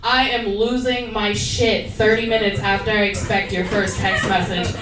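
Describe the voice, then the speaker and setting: A woman's voice: mid-range voice, little pitch movement, moderate pace, noisy background. A woman doing an open mic stand-up set, profane, rambling and self-mocking, in a small comedy club. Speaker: stand-up comic. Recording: echoey club mic from a distance.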